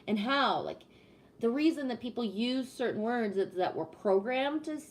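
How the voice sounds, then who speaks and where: A woman chatting casually on a live stream, reading viewer comments and ranting with plenty of swearing. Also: a little mellow. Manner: swears a lot, rants with rising pitch; talks to chat, reads comments aloud.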